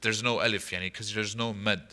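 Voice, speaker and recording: A man's voice: on the low side, fairly even intonation, a little fast, pushed and bright. A man teaching a mosque class on a Quran chapter, explaining patiently, asking the audience questions and reciting short Arabic passages. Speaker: imam teaching Quran commentary. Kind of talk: lecture to an audience.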